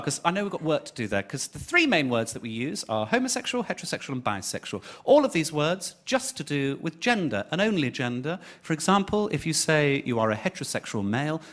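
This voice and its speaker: A man's voice: medium pitch, a bit bright. A man performing a stand-up comedy set on a theatre stage, chatty and camp, punching his lines with voiced impressions. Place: theatre stage before a laughing audience. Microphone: stage microphone. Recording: live show with clear audience laughter.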